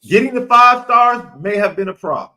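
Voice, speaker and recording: Speaking at a normal speed, this sports podcast co-host has a very high, sharp-toned voice. He talks with emphasis in animated sports chat, repeating phrases to drive points home.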